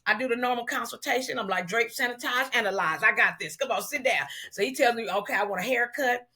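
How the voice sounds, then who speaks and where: A middle-aged woman from Los Angeles, a hairstylist telling an animated, slangy story in an interview and acting out the dialogue. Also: a little high, fast talker. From South Central Los Angeles, US. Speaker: celebrity hairstylist, guest.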